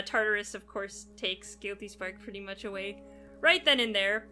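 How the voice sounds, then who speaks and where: A woman co-hosting a casual podcast chat, animated and playfully acting out characters as she recaps. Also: medium pitch. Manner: animated, acts out characters with exaggerated quips. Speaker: podcast co-host.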